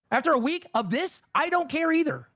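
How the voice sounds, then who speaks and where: A man's voice: very high voice, fairly bright tone, dry recording, studio quality. A man in a heated stream argument, sarcastic and bitter, repeating his points.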